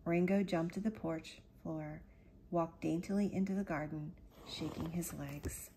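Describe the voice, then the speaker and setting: A woman narrating a storybook in a quiet, even way, with a husky voice. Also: deep voice, measured pace, a little hiss or hum. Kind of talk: storybook reading.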